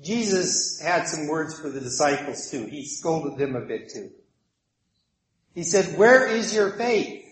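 A man's voice: on the high side, measured pace. A man preaching a sermon, telling a story vividly and acting out its voices. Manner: animated storytelling with acted voices. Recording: echoey room.

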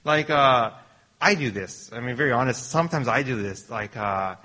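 A man's voice: medium pitch, animated, normal speed, bright, forceful tone. A man preaching a sermon in an earnest, personal way, often restarting his phrases.

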